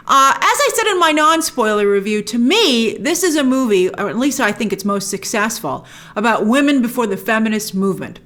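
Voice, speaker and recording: A woman hosting a spoiler movie review, opinionated and animated, acting out lines she quotes. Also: fairly high pitch.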